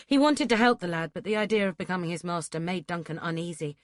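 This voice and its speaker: A woman narrating an audiobook in a steady, measured reading. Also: on the low side, dry recording, studio quality. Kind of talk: scripted narration.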